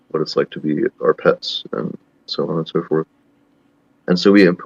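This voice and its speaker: Deep-voiced man musing over dull voice chat. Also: a little mellow, husky, no room sound. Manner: thoughtful, rambling, musing aloud. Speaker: host. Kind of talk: casual philosophical chat. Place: online voice chat.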